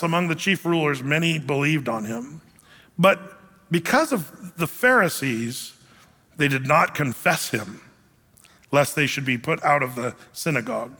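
A male pastor preaches with a high, bright voice that has a tense edge. His delivery is conversational and animated, full of casual asides. A long hall reverb trails each phrase. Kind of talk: sermon.

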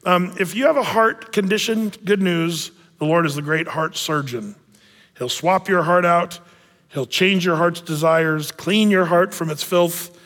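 A male pastor preaches in a relaxed, conversational way, often pausing on small fillers and restarting his phrases. His voice sits a little above the usual male range. The sound carries a long reverb, as if in a large hall. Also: sits high. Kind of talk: sermon.

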